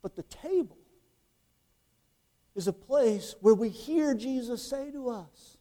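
High-voiced man preaching a sermon. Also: animated. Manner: conversational, asks the congregation rhetorical questions; swings between quiet, drawn-out phrases and loud emphasis.

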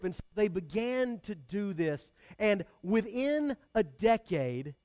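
A man's voice: high voice, sing-song, slow, few pauses, darkish tone. A man preaching a sermon, talking directly with his congregation in a conversational way. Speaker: pastor.

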